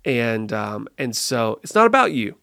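A man being interviewed on a podcast, telling a personal story in an earnest, lively way and often restarting his phrases. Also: mid-range voice, measured pace, vocal fry, dry recording, studio quality. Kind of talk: casual conversational storytelling.

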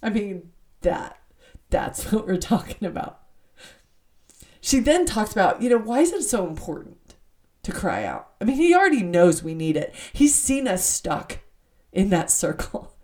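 A woman's voice: mid-range voice, big pitch swings, unhurried, darkish tone. A woman hosting a devotional podcast, talking earnestly and from the heart. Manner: earnest and heartfelt, with many "I mean" asides. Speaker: podcast host.

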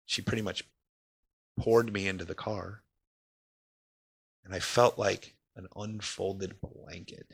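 A man telling a personal story of crisis in an emotional, halting way, his voice sinking quiet in the hardest parts. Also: steady tone, vocal fry, breathy edge. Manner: emotional, pausing, voice drops low and quiet in heavy parts.

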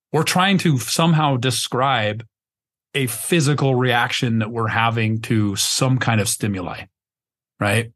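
A man's voice: medium pitch, a bit bright. A man hosting a podcast conversation, talking in a rambling, emphatic way, restarting often as he searches for words and swearing casually. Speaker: podcast host.

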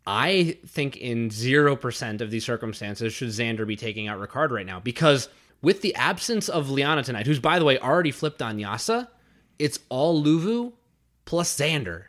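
A man's voice: mid-range voice, sing-song, normal speed, fairly bright tone. A man co-hosting a podcast, talking casually and analytically about a reality competition episode, with frequent restarts. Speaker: podcast co-host. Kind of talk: casual reality-show discussion.

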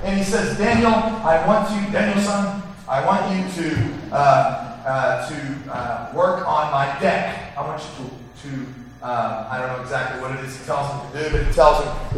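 A man preaches a sermon, retelling a story and playing each character with rising fervor. His voice sits high, and it carries through a big, echoing hall. He is heard from a distance, with steady noise under the sound. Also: unhurried. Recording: echoey hall from far off, with noise.

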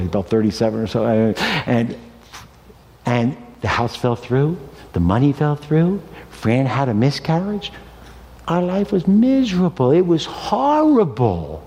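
Older male pastor, 60s, animated sermon storyteller, reverberant hall. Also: medium pitch. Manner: animated storytelling, voices the characters.

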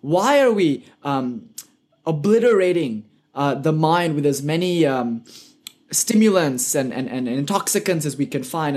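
British guy teaching spirituality online, bit higher voice, earnest, asks lots of rhetorical questions. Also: a little mellow. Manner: earnest, rhetorical questions, light joking asides. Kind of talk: live online lecture.

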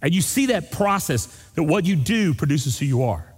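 Animated pastor in a reverberant church. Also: male voice, moderate pace, breathy edge. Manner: lively preaching, swings up high for emphasis, asks the congregation questions. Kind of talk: sermon. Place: church sanctuary. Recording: long hall reverb of a church.

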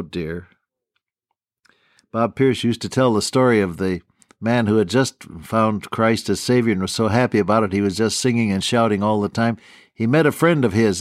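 A man's voice: on the low side, no room sound, studio quality. Folksy older radio Bible teacher, man. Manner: folksy, chuckling, storytelling.

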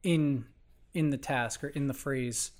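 A man's voice: mid-range voice, a little slow, a little mellow. Man explaining things reassuringly. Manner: reassuring, explains with examples, seeks agreement. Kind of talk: casual chat.

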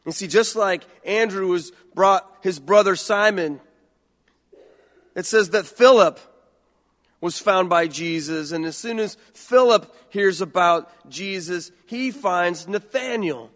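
A man delivers a sermon in a fairly high voice, speaking earnestly and conversationally. He often doubles back and repeats words mid-thought. A long reverb trails his voice through the hall. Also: takes it slowly, a bit bright. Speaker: preacher.

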